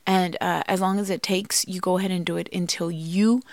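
A woman's voice: on the low side, fairly even intonation, fairly quick, dry recording. A woman co-hosting a podcast, giving earnest, emphatic advice on marriage and forgiveness. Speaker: podcast co-host. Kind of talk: heartfelt marriage advice talk.

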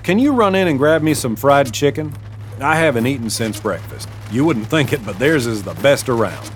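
A man's voice: medium pitch, expressive, moderate pace, faint music behind, close to an everyday voice. A man doing a laid-back wisecracking exterminator. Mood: joking. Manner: casual, joking. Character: easygoing male pest exterminator.

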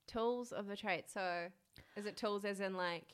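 A woman co-hosting a casual podcast chat, playful and quick to giggle. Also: medium pitch, smooth. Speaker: podcast co-host. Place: dining room.

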